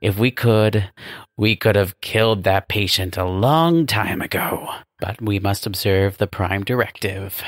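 A man voicing a pompous, self-praising male demon boss who talks down to his nephew in a grand, drawn-out way. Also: lowish voice, dry recording, clean studio sound, close to an everyday voice.

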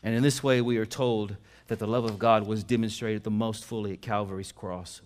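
A male pastor preaching a sermon in a folksy, conversational way, rising to loud emphatic passages and dropping to quiet personal storytelling. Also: on the low side, fairly even intonation, fairly quick.

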